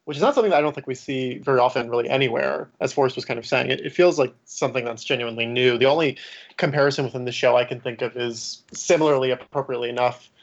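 A man's voice: medium pitch, very fast, highs cut off. A man in a casual critical discussion, speaking thoughtfully with hesitations and light chuckles. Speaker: podcast panelist.

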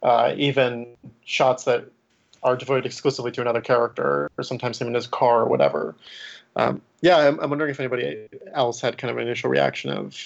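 A man's voice: medium pitch, steady tone, quick pace, vocal fry, muffled recording. A man in a casual critical discussion, speaking thoughtfully with hesitations and light chuckles. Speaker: podcast panelist.

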